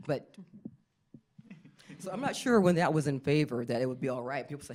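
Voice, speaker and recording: A middle-aged woman performing a stand-up comedy set, often jumping into squeaky acted-out voices. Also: lively intonation, brisk, long pauses, darkish tone.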